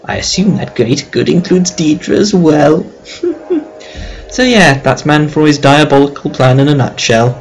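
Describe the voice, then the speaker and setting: A man's voice: a little high, expressive, a little slow, soft background music. A man hosting a let's play, chatting in a joking, self-mocking way and reading game dialogue aloud.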